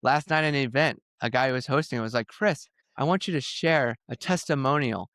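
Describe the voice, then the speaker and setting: Intense man telling his story, smooth and dry. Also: medium pitch, a little fast, no room sound. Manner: intense, animated storytelling, quoting himself. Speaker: podcast guest. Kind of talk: candid podcast conversation.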